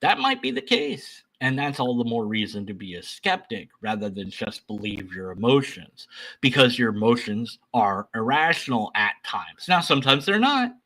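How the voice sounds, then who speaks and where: Man, bright tone, casual reaction commentary, rambling asides. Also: medium pitch, very animated, normal speed, low-quality recording. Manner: rambling, many restarts and asides.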